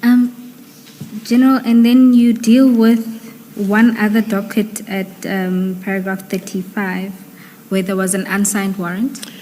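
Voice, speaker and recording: A woman leading evidence at a formal inquiry, steady and careful with hesitant fillers before each question. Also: mid-range voice, measured pace. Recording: long hall reverb, faint room noise.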